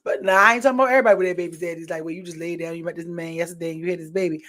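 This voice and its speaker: A woman hosting a podcast in casual chat, emphatic, repeating phrases for stress and swinging between loud and soft. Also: lowish voice, fairly even intonation, racing. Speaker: podcast host.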